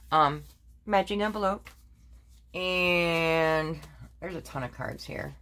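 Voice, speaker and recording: Speaking slowly in a fairly low, slightly bright voice, an older woman gives a casual show-and-tell of her crafts. She rambles on, filling gaps and correcting herself often.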